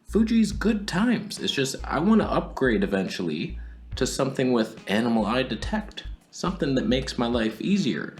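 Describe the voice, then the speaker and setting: Sarcastic, animated male camera reviewer. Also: medium pitch, moderate pace. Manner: sarcastic, swings between whispers and outbursts. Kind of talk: comedic camera review monologue.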